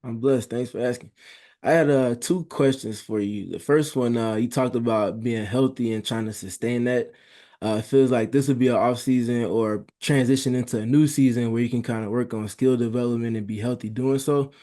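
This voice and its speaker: A man asking questions at a press conference as a sports reporter. His tone is mellow and warm. He speaks casually, with friendly little hesitations. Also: mid-range voice, fairly even intonation, normal speed.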